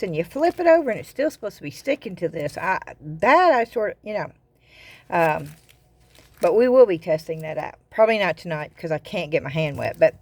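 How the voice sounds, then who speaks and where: An older woman with a Southern US accent, chatting casually in a craft vlog. She rambles and often repeats her words as she goes. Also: lowish voice. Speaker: craft vlogger. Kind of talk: casual chat.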